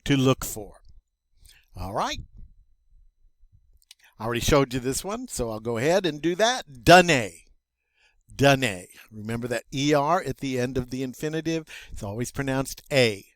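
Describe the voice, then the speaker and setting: A man teaching French vocabulary as a lesson, slow and playful with little jokes along the way. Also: mid-range voice, big pitch swings, dry recording. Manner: slow, playful, jokey asides.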